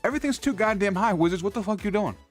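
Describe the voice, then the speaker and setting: A man ranting on a livestream about card prices, cursing nonstop to his chat from an indoor streaming setup. His voice sits a bit higher than most men's, and his pitch swings widely and races as he gets worked up, repeating himself mid-sentence. Faint music runs underneath.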